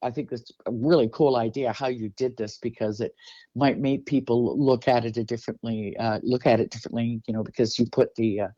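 A man's voice: medium pitch, steady tone, fairly quick, mellow, no echo. A man hosting an interview in a casual, rambling way, full of fillers and restarts. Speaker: interview host. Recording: dull, dry lo-fi audio.

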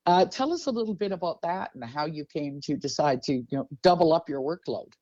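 A man's voice: on the high side, expressive, brisk, darkish tone, no room sound. A man hosting an interview in a casual, rambling way, full of fillers and restarts. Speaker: interview host. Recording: dull, dry lo-fi audio.

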